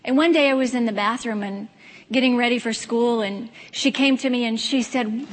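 A woman's voice: a little high, a little fast. A woman in her fifties gives a candid, earnest personal testimony speech with wry asides. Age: 50s. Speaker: speaker giving a personal testimony. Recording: long hall reverb.

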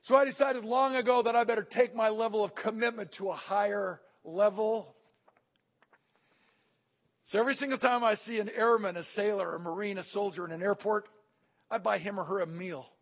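Giving a funny motivational talk at a hotel conference, this speaker uses a high-pitched, fairly bright voice with fairly even intonation and a moderate pace. His stories come with acted-out character voices.

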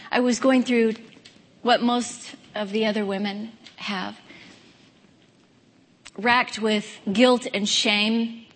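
A woman in her fifties gives a candid, earnest personal testimony speech with wry asides. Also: a little high. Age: 50s. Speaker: speaker giving a personal testimony. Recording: long hall reverb.

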